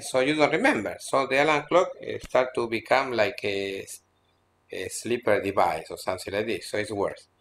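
An earnest male spiritual teacher addresses a small seminar group at an ashram. His voice sits at a medium pitch, and his phrasing is halting and repetitive, full of restarts. He often slips into admonishing the group. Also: fairly bright tone, slight background noise. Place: seminar room at an ashram in India.

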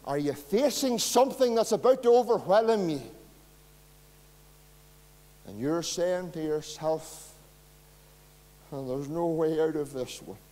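A man preaching a sermon as pastor, swinging between loud impassioned passages and quiet low ones. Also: animated, slow, pauses often. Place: church hall. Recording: long hall reverb.

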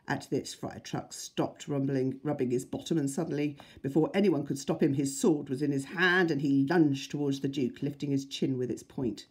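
A woman teacher reading a children's storybook aloud to her class. Her voice is mellow and breathy, and she tells the story in a friendly, expressive way. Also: a bass voice, normal speed, hardly any pauses.

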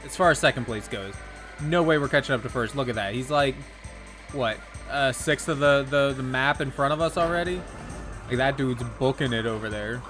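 A man's voice: mid-range voice, moderate pace, over music. A young man streaming a racing game from his bedroom, chatting casually, swearing often and laughing a lot. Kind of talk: casual gameplay commentary.

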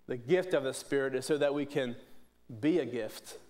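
A man's voice: medium pitch, normal speed, a little mellow. A man from preaching a sermon in church, earnest, often restarting and repeating words. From Pittsburgh, USA.

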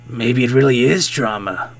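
A man putting on a deep, theatrical narrator voice to read a visual novel's text aloud. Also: normal speed, close to an everyday voice. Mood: mock-ominous. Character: deep, mock-dramatic male game narrator.

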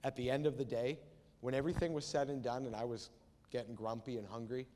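Conversational preacher in a reverberant church. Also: male voice, mid-range voice, steady tone, fast talker, a little mellow. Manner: conversational preaching, acts out Bible quotes. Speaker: pastor. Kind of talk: sermon. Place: church sanctuary. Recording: long reverb of a church hall.

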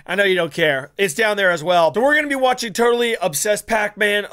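A man's voice: high voice, pushed and bright. A young man hosting a casual reaction video, rambling and crude, often stammering and restarting. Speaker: YouTube reaction host.

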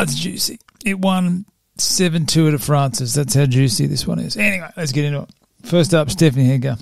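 A young man chats casually as a podcast host, running through his betting picks. His voice is gravelly and mellow, a little higher than most men's, and the sound is dry and close. He rambles and stumbles over names, then laughs at himself. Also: no echo. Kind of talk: casual solo chat.

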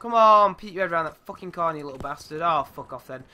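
A young man giving live gameplay commentary, excitable and swearing, his voice going squeaky when he yells. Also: quick pace. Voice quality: goes squeaky when yelling. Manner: excitable, shouts and swears at the game. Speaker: gaming YouTuber.

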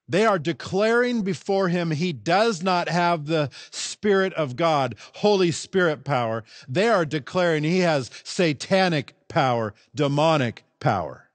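Preaching in church, this pastor swings his delivery up and down with emphatic, animated force. He speaks a little slowly in a voice on the high side, recorded without echo.

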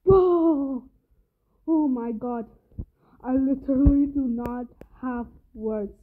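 A woman's voice: a little high, steady tone, slow. A woman gamer giving casual let's-play commentary on a horror game, jumpy, swearing often and talking to her viewers. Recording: tinny phone-like lo-fi audio with faint noise.

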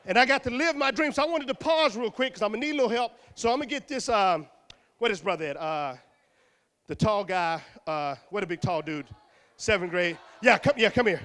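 A man from Houston entertaining a middle school assembly, teasing and calling out loudly to the kids. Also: sits high, animated, fairly quick. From Houston, Texas. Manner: loud, teasing, calls out to the audience. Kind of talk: joking live show banter with a crowd. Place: middle school gym or auditorium.

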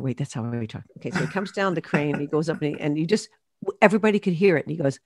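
A woman singer telling stories about her career in a casual interview, animated, with many fillers and restarts. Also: low-pitched, very fast, dry recording, studio quality.

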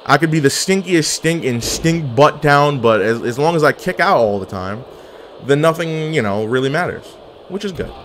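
A young man streaming a wrestling video game, giving excitable, trash-talking commentary that swings from mumbling to yelling. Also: on the high side, normal speed, slight background noise. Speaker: gaming streamer. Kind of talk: live gameplay commentary.

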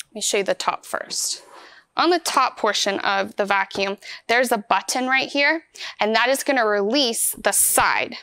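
A woman's voice: a little high, normal speed, sharp tone, smooth, no room sound. A woman giving a hands-on product demonstration, explaining each step in an upbeat, chatty way. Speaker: vacuum store product demonstrator.

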